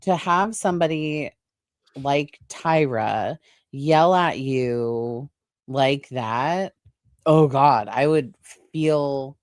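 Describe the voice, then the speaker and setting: A woman with a low voice, speaking slowly on a casual podcast. She is earnest and empathetic and lingers over feelings. The recording is close and dry. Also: darkish tone, no room sound. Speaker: podcast co-host.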